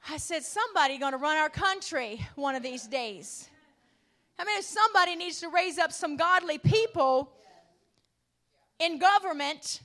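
A woman preaching a sermon from the United States, calling out to the congregation and building to loud, emphatic passion. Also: very high-pitched.

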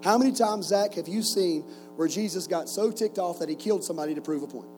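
A man's voice: high voice, fast, music in the background, low-quality recording. Man in his forties preaching. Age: 40s. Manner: lively storytelling with jokes and rhetorical questions. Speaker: camp speaker preacher. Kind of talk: sermon with stories.

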